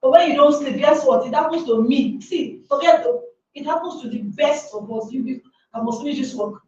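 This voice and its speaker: A woman's voice: high-pitched, moderate pace, a little mellow. A woman giving a motivational workshop talk to a live audience, emphatic and full of rhetorical questions. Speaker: workshop speaker. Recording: echoey room from far off, dull sound.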